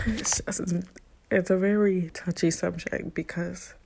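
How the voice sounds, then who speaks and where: A woman's voice: lowish voice, steady tone, measured pace, vocal fry, a little mellow, husky. A young woman telling a personal story in a candid, emotional way, talking casually with blunt slang and plenty of fillers.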